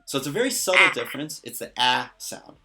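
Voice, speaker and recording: Bright-voiced man teaching a lesson. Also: mid-range voice, lively intonation, brisk, soft background music. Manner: patient, explanatory, lightly joking. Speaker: language teacher. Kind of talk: casual lesson explaining a constructed language.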